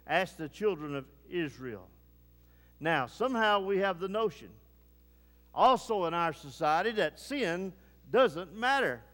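A man preaching with fervor, his voice high-pitched for a man. He drops into low grave tones, then presses upward with urgency. The sound carries a long reverb. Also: very animated, unhurried, fairly bright tone. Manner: fervent, swings between low grave tones and rising urgency. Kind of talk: sermon.

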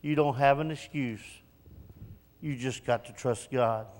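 A man pastor preaching a sermon in a folksy, self-mocking way that swells to shouts. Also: medium pitch, a little slow, big-room sound.

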